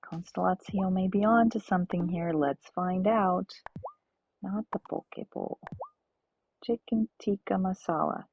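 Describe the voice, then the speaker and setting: A woman's voice: mid-range voice, unhurried, slight background noise. A woman streaming a farming game, chatting and thinking aloud to her viewers. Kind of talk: casual let's-play chat. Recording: dull lo-fi stream audio.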